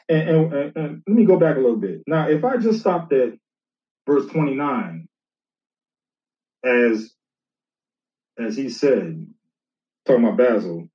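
Here a male minister with a medium-pitched, animated voice talks a little slowly, leaving long pauses. Chatting casually, he answers his critics, reads from scripture, repeats himself and aims his words directly at an opponent. Sound quality is lo-fi: dull, distant and roomy.

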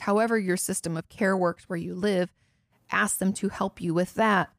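Gravelly-voiced woman therapist giving advice. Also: medium pitch, steady tone, normal speed, no echo. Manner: earnest, direct, speaks straight to the listener; restarts and self-corrections. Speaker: podcast host and therapist. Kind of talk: answering listener questions.

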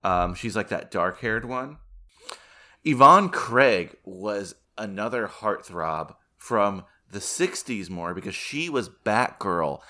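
A man co-hosting a casual film-review podcast, animated and laughing often, acting out quotes in a higher voice. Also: slow. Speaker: podcast co-host.

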